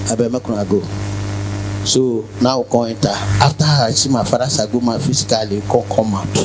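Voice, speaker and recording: A man with a Nigerian Pidgin accent giving a spoken testimony as a devotee, telling his story in an animated way, acting out the dialogue and sometimes chanting. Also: mid-range voice, a little fast, background noise. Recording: loud music in background.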